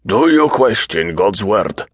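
A man voicing a delusional older man who calls himself a king, speaking in slow, emphatic, agitated pronouncements. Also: low-pitched, a bit bright, slightly rough, no echo, studio quality, exaggerated voice. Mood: fervent.

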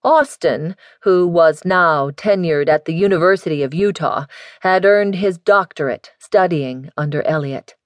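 This is a dry recording of a woman narrating an audiobook from a script. Her fairly low voice keeps an even, measured storytelling pace.

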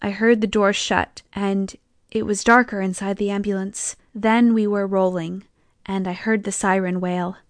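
A woman's voice: mid-range voice, level tone, unhurried, no echo. Young woman narrating an audiobook, dry sound. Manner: tense, emotive storytelling. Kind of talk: first-person audiobook narration.

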